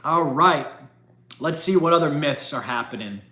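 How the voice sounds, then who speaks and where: A man's voice: a little high, animated, moderate pace, sharp tone, echoey room. A man hosting an aquarium channel in casual livestream chat, emphatic and chatty with frequent restarts.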